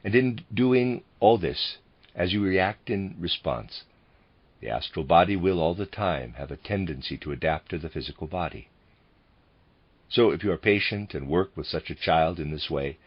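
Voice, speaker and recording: A man reading lectures aloud as an audiobook reader, in a measured way, speaking the bracketed notes too. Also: deep voice, breathy edge, dull audio.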